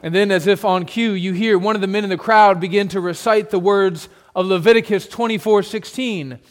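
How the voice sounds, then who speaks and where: A pastor preaching a sermon, retelling a scene in vivid second person with dramatic pauses. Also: male voice, sits high.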